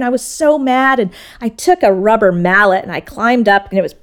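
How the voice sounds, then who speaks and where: A woman sculptor talking in a casual interview, telling stories in an animated way and acting out what others said. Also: fairly high pitch, a little fast, few pauses, clean tone. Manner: animated storytelling, acts out quoted voices. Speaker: sculptor, guest.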